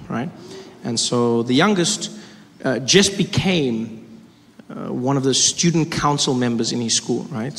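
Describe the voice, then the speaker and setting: A man doing stand-up, chatting through a story about his family. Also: medium pitch. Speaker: stand-up comedian. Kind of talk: stand-up comedy. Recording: echoey hall with loud crowd.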